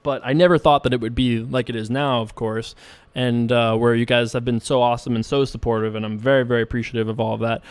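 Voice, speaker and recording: Smooth-voiced man, rambling poker host. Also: mid-range voice, fairly even intonation, fast, no echo. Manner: rambling and playful, many fillers, frequent self-laughing asides. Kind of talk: casual commentary while playing online poker.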